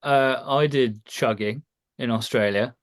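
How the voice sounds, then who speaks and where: Wry podcast guest. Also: male voice, medium pitch, unhurried. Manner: wry storyteller, dry jokes. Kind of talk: casual chat.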